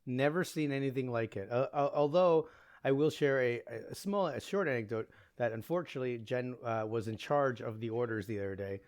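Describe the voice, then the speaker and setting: A man's voice: mid-range voice, a little fast, no echo, clean studio sound. Man telling a funny anecdote on a podcast. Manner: animated anecdote-telling, acts out quotes. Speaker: podcast co-host. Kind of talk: casual chat.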